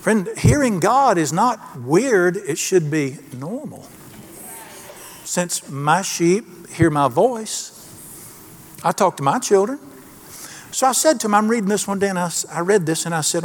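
Folksy preacher man. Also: high voice. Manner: folksy, emphatic preaching with call-and-response questions. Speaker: pastor. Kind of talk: sermon.

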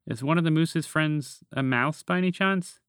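A man's voice: on the high side, moderate pace, a bit bright, smooth, dry recording, voice pushed up, close to an everyday voice. A shape-shifting stranger from a storybook, inquisitive and intent, turning commanding when danger comes, as a man voices him. The voice sits raised and comes across close and dry. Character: curious human who is secretly a dragon.

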